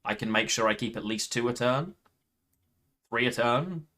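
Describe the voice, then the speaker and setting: A man's voice: mid-range voice, normal speed, sharp tone. A man commentating his own card game play, thinking aloud and counting points under his breath. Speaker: gaming YouTuber.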